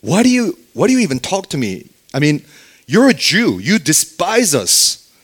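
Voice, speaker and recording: Bitter sarcastic woman at a well played by a preacher, voice pushed up high and loud, scornful. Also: huge pitch swings, moderate pace, breathy edge, exaggerated voice. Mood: indignant. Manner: indignant, sarcastic questioning.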